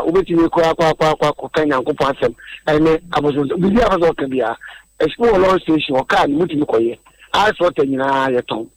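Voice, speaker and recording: A man's voice: a little high, no room sound, low-quality recording. A man explaining a topic earnestly on a radio discussion, often repeating words as he goes.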